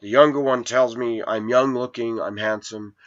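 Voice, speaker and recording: A man's voice: mid-range voice, fairly even intonation, normal speed. A man in his forties from the United States, talking through a long, earnest and aggrieved personal monologue as a vlogger. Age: 40s. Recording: dull lo-fi recording.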